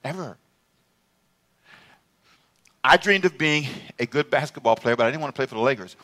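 Bright-voiced man preaching a sermon. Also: medium pitch, lively intonation, moderate pace. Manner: storytelling, swings from hushed musing to loud shouting; calls out to the congregation for responses.

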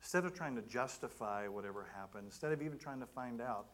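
A middle-aged man giving a sermon, telling a personal story in an animated way and acting out his own thoughts. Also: mid-range voice, fast. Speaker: guest preacher.

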